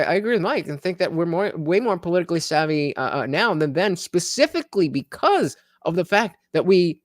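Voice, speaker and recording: A man's voice: fairly high pitch, dry recording, clean studio sound. A man casually commenting over video clips on a live stream, rambling with lots of restarts and repeated words.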